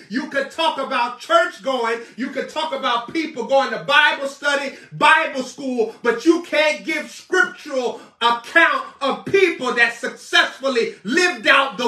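A man preaching a fiery sermon, shouting, scolding and mocking his listeners. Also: very high-pitched, measured pace, hardly any pauses. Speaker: prophet preacher. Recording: echoey room, voice far from mic.

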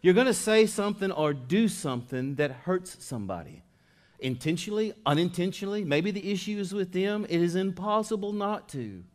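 A man's voice: high-pitched, animated, brisk. Conversational preacher, man, big dynamic swings. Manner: conversational preaching, swinging between soft asides and loud emphasis. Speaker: pastor. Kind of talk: sermon.

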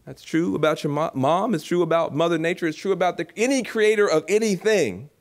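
A man giving a lively public speech at a gala, animated and preacherly, acting out voices and repeating phrases for emphasis. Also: on the high side, fairly quick. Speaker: keynote speaker at an awards gala.

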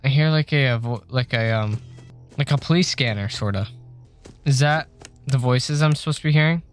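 A man's voice: mid-range voice, normal speed, faint music behind. Young man streaming, joking and swearing. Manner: joking, chatty, swears a lot, gets jumpy when scared. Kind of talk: casual livestream chat while gaming. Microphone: desk microphone.

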